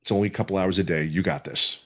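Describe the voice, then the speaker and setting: A man's voice: low-pitched, fast, fairly bright tone. Fervent man in his fifties. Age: 50s. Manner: fervent and earnest, with many restarts. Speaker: webinar guest giving a testimonial. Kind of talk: emotional motivational testimony. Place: at home.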